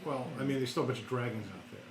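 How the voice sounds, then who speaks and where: A man's voice: mid-range voice, very fast. Laid-back guy player asking questions, echoey room, noise hiss. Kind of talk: casual chat.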